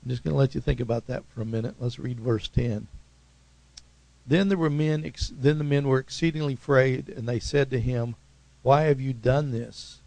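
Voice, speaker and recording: A man with an Oklahoma accent preaching a sermon as pastor, talking in a conversational, emphatic way and swinging suddenly between loud and soft. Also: mid-range voice, brisk, creaky, no room sound, poor audio.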